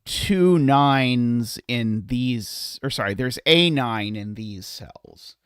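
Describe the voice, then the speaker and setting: A man streaming a puzzle solve, thinking aloud in a hesitant, muttering way with many filler pauses. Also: mid-range voice, animated, clean tone, no echo, clean studio sound.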